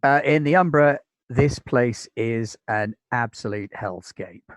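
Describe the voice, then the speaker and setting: A man's voice: mid-range voice, slow pace, dry recording, low-quality recording. A British man narrating as game master of a tabletop game, describing scenes in an easygoing way with many fillers.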